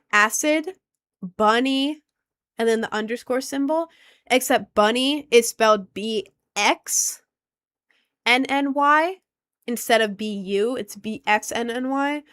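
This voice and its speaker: A woman's voice: on the high side, fairly bright tone. A woman streamer chatting casually on a live stream, rambling with lots of fillers and restarts.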